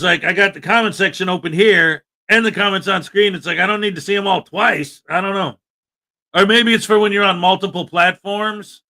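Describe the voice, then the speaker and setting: A man's voice: high voice, pushed and bright. A man hosting a morning livestream, greeting viewers by name in a chatty, upbeat way. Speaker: livestream host. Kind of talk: casual livestream chat.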